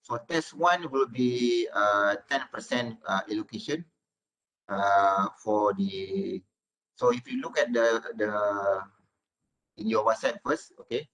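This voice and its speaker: A man's voice: on the low side, slow pace, a bit bright, rough recording. A man giving an online class lecture as a university lecturer, filling nearly every phrase with "okay" and "uh".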